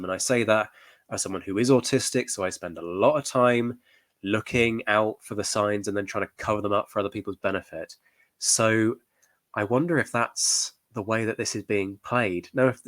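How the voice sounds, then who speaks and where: A man's voice: on the low side, a bit bright, no echo. A male historian giving reaction commentary, thoughtful and hedging, with frequent fillers.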